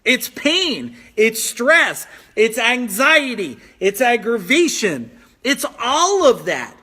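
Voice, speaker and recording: High, bright-voiced pumped-up male coach. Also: slow pace, breathy edge. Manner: energetic, pushy, repeats phrases for emphasis. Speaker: business coach hosting a live stream. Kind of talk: motivational live-stream talk reading viewer comments. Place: at home.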